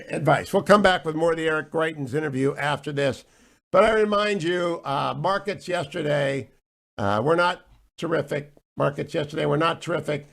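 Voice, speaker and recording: A middle-aged man hosting a talk radio show, wry and mocking with quick asides. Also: on the high side, gravelly, fairly bright tone.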